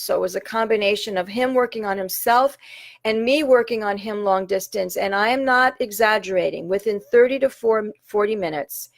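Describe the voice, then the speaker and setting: A woman speaking as a spiritual coach, earnest and measured, slowing down on key phrases. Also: a little high, no echo. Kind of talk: talk to camera.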